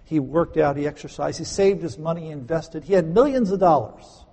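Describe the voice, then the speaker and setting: Male preacher, slightly high, mellow raspy voice, conversational sermon with sharp loud stresses. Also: brisk. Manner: emphatic, swings between loud stresses and quiet asides; conversational, explains grammar with homely examples. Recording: echoey hall.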